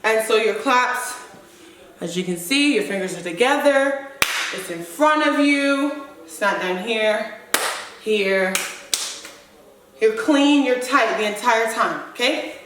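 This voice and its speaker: A woman dance instructor teaching stepping, counting the moves aloud in a brisk, rhythmic way. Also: on the high side, animated, far from the mic, noisy background. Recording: echoey room, voice off-mic, loud stomping and claps.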